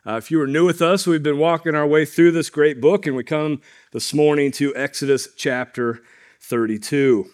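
A pastor delivers a sermon in a slightly high male voice. He talks to his congregation conversationally, leaning on stories and asides. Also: fairly even intonation, normal speed. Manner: storytelling, conversational, addresses congregation.

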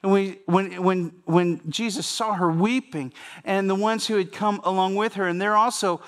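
A man's voice: sits high, fairly even intonation, normal speed. A man preaching a sermon in a conversational way, often repeating phrases and speaking straight to the congregation. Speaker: pastor.

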